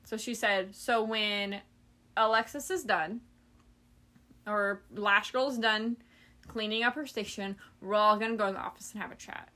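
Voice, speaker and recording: A woman's voice: medium pitch, measured pace. A woman podcast host casually telling a story, acting out the people she quotes and swearing offhandedly. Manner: animated, acts out quoted people.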